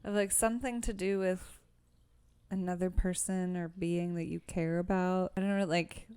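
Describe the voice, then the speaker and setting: A woman's voice: on the low side, fairly even intonation, moderate pace, dark tone, clear, resonant tone. A young woman co-hosting a casual book podcast, talking loosely with lots of fillers. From Los Angeles area. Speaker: podcast co-host. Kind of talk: casual chat.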